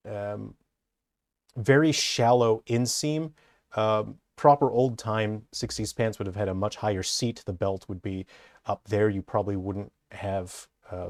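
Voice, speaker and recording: Man, low voice, dry sound, enthusiastic, hesitant design commentary. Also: a little mellow, no echo. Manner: enthusiastic, rambling, many hesitations. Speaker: character designer. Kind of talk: casual commentary breakdown.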